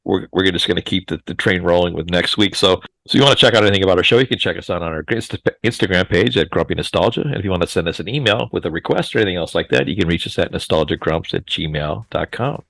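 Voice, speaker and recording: A man's voice: low voice, fast, vocal fry, few pauses, fairly bright tone, no echo. A man co-hosting a podcast in casual chat, easygoing and chuckling between remarks. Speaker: podcast co-host.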